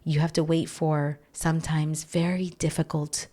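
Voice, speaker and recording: A woman hosting a personal podcast, speaking earnestly and repeating key phrases, sometimes softening almost to a whisper. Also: low voice, little pitch movement, unhurried. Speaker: podcast host. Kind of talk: personal reflective podcast talk.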